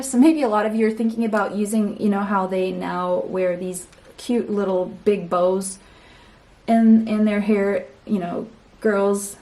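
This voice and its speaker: A woman's voice: medium pitch, moderate pace, dark tone. A woman giving a pick-a-card tarot reading, chatty and speaking straight to the viewer, often correcting herself as she goes. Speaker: tarot reader.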